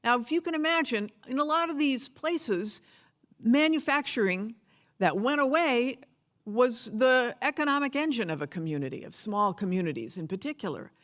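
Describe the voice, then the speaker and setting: A woman's voice: fairly high pitch, animated, moderate pace, a bit bright. A middle-aged woman from the United States giving a conference keynote speech, telling stories in a conversational way with fillers and restarts. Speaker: keynote speaker.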